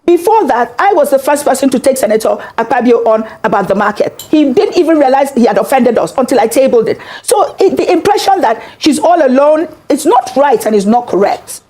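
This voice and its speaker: High-voiced older woman senator, firm. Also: lively intonation, warm tone. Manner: firm, measured, defensive. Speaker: senator, interview guest. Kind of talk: interview answers.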